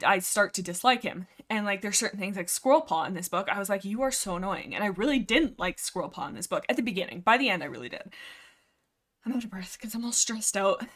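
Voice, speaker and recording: Woman livestream host, casual book chat, excitable, rambling, headset mic. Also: mid-range voice. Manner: rambling, excitable, filler-heavy chatter.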